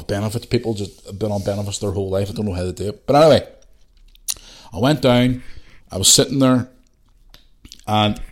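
Angry, swearing British podcast host. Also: male voice, lowish voice. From United Kingdom. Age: 40s. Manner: heated, profane storytelling. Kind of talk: casual monologue.

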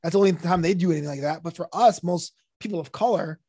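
A man with a notably high speaking voice talks casually on a podcast, laughing often and dropping into little put-on voices for a joke. The sound is dry and close, with no room around it. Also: fast, warm tone, breathy edge, dry recording. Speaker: podcast co-host and comedian.

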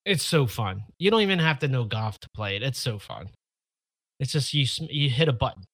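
A man co-hosts a casual gaming podcast in a blunt, dismissive way. He sits at a middle pitch for a man. His voice is recorded close and dry, with no room sound. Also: animated, fairly quick, fairly bright tone, no room sound. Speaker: podcast co-host. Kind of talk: casual chat.

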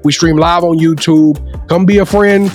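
A man hosting a sports talk podcast, closing the show with energetic, emphatic hype. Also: fairly high pitch, moderate pace, soft background music. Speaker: podcast host. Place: Dallas.

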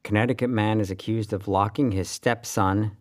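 A man's voice: lowish voice, steady tone, moderate pace. A man co-hosting a casual podcast who rants sarcastically and swears freely. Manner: profane, sarcastic ranting. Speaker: podcast co-host. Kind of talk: casual chat.

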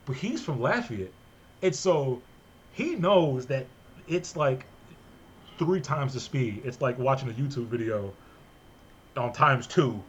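A man's voice: mid-range voice, husky, muffled recording. A man hosting a podcast in casual, joking chat, recorded remotely. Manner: fast, animated, joking. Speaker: podcast host.

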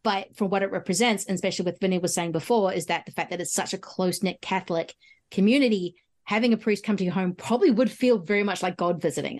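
A woman hosting a podcast, chatting in an animated way about films. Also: mid-range voice, fast. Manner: chatty, animated, frequent "mm" backchannels. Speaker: podcast host. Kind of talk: casual film discussion.

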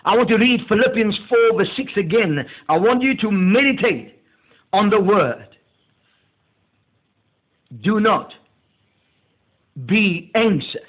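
Man, pastor, high voice, unhurried sermon, phone-quality audio. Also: animated, breathy edge. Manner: slow, deliberate preaching with drawn-out emphasis.

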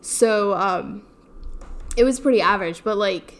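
A woman's voice: mid-range voice, a little slow. Chatty woman full of filler words. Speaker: podcast co-host. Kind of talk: casual chat.

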